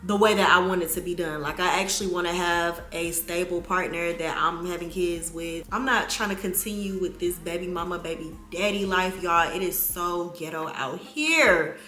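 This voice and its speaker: Young mom vlogger, casual chat, bright forceful voice, echoey room. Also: female voice, on the low side, normal speed, hardly any pauses, soft background music. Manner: animated, slangy, talks straight to viewers. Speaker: vlogger, mother.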